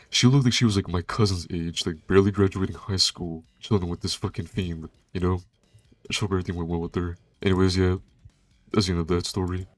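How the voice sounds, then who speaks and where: A man's voice: low voice, no room sound. A young man, a pizza delivery driver, telling a casual first-person story in a laid-back, slangy way with plenty of swearing.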